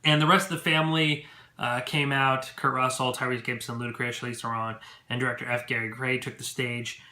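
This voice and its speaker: A chatty, excitable man talks straight to his viewers in a loose, filler-heavy recap. His voice is bright and forceful. The room around him rings with echo. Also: medium pitch, brisk. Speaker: movie vlogger. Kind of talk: casual event recap to camera. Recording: echoey room.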